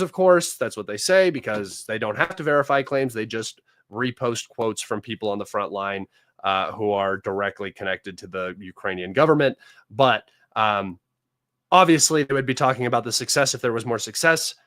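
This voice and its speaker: A man's voice: on the low side, moderate pace, a bit bright, no echo. A man hosting a live political commentary stream, reading news articles aloud and mocking them with scorn.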